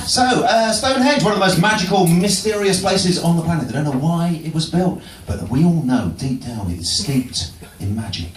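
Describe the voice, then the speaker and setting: Captured on a distant, roomy pub mic with background noise, this comedian delivers topical stand-up with dry self-mockery and frequent chuckles at his own jokes. He speaks on the high side with lively intonation, at normal speed and with few pauses.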